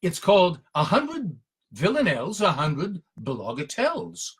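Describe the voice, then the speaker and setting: A man's voice: sits high, huge pitch swings, unhurried, a bit bright, husky. A man reciting his own poems in a theatrical, emphatic way, between short spoken introductions. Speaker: poet reading his own verse. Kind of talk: dramatic poetry recitation and talk.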